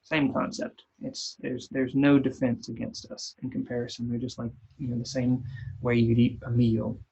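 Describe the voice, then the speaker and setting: A man's voice: mid-range voice, little pitch movement, moderate pace, vocal fry, warm tone, slightly rough. A man leading a casual Bible study in a church, retelling scripture in plain, folksy everyday terms. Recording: dull lo-fi recording.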